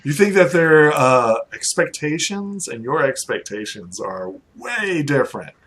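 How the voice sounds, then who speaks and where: A man running a tabletop game as game master, playful and animated. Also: fairly high pitch, a little slow, slightly rough.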